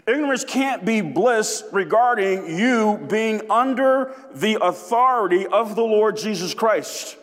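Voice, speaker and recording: A man preaching a sermon as pastor, emphatic and deliberate, repeating key phrases for weight. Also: sits high, long reverb tail.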